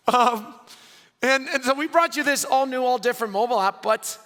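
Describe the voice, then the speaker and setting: Bright-voiced excitable man in a hall. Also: extremely high pitch, a little fast. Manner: energetic, excitable, laughs often. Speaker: conference host giving closing remarks. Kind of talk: conference keynote speech. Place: large conference hall. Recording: long reverb of a large hall.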